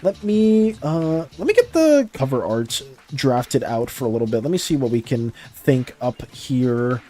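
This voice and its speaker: A young man chatting casually with viewers on a live art stream, animated and apologetic, rambling with frequent restarts and laughs. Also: medium pitch, unhurried, faint music behind.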